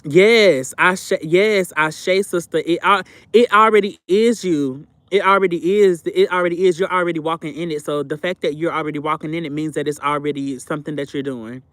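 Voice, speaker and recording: High-voiced chatty man, dry close mic. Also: fairly even intonation, a little fast, hardly any pauses, fairly bright tone, no echo. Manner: talkative, repeats phrases, addresses viewers as sister and baby. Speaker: live streamer. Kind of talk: casual livestream chat with viewers.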